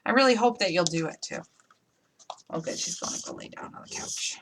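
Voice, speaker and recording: A woman's voice: fairly low pitch, lively intonation, brisk, vocal fry, background noise. A woman with an upstate New York accent hosting a live crafting tutorial, chatty and playful, talking her way through each step. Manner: chatty, playful, thinks aloud while working. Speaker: crafting demo host.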